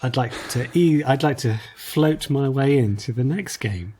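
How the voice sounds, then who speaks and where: A man's voice: medium pitch, unhurried, warm tone, a little hiss or hum. A man co-hosting a podcast, chatting casually about retro games in a rambling, hesitant way with lots of fillers. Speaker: podcast co-host.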